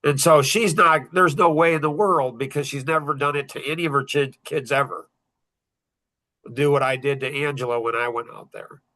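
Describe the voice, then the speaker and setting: A man's voice: medium pitch, steady tone, normal speed, bright, forceful tone. A middle-aged man hosting a podcast in casual talk, blunt and rambling, often repeating himself. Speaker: podcast host.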